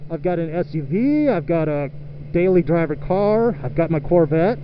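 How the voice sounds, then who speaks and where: A man's voice: fairly high pitch, animated, moderate pace. Profane man ranting on a motorcycle. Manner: profane, exasperated venting. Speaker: motorcycle vlogger. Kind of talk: ranting vlog while riding. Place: outdoors on a motorcycle. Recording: dull lo-fi audio with faint road noise.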